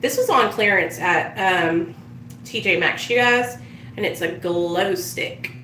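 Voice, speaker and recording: A woman's voice: on the low side, slow pace, bright, forceful tone, echoey room, recorded from a distance, a little hiss or hum, low-quality recording. A woman chatting casually on a live stream, telling stories and swearing freely as she does her makeup. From United States. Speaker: vlogger.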